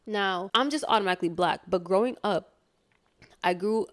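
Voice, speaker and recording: A woman's voice: mid-range voice, normal speed. A woman from Connecticut talking earnestly in a casual personal vlog, rambling with lots of fillers and restarts. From Hartford, Connecticut, USA. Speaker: vlogger.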